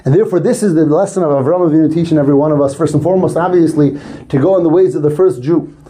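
A man delivering a sermon in a high, soft, mellow voice. He tells stories earnestly and pushes his pitch up on the words he wants to stress. The tone is warm and unhurried. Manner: earnest storytelling, rising emphasis on key words. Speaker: rabbi.

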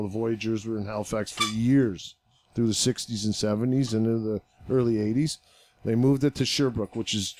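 A man, a former hockey player, who tells stories as a podcast guest in a loose, profane, animated way with frequent laughter. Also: lowish voice. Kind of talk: casual storytelling chat.

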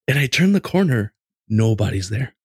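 A man in his late twenties casually telling a story in a lively, conversational way, with lots of restarts. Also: fairly low pitch, normal speed, creaky, slightly rough, dry recording, clean studio sound. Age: late 20s.

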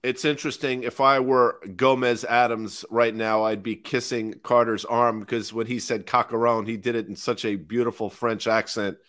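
A man's voice: mid-range voice, level tone, moderate pace, hardly any pauses, a bit bright. A man co-hosting a market panel show, making joking asides and then posing questions to the others. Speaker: co-host moderating.

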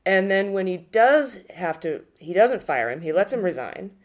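A woman co-hosting a podcast, talking politics in a casual, animated way, often restarting sentences and swearing. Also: medium pitch, moderate pace. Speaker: podcast co-host.

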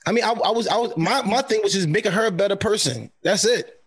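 A man's voice: sits high, fast talker, breathy edge. A man from New Jersey co-hosting a podcast, talking in a laid-back, slangy way and laughing often. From New Jersey, USA. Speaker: podcast co-host. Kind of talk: casual chat.

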